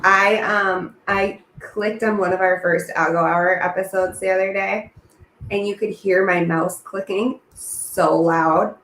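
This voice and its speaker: A woman's voice: mid-range voice, fairly even intonation, unhurried, fairly bright tone. A woman hosting a casual online production meeting, chatty and upbeat, rambling with lots of fillers. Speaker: host. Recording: echoey room with faint noise.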